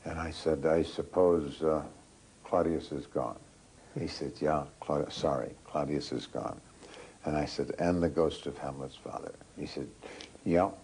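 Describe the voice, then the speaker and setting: A man telling an anecdote in an interview in a dry, unhurried way. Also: rumbling low, steady tone, darkish tone, slight background noise, poor audio. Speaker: actor interviewed.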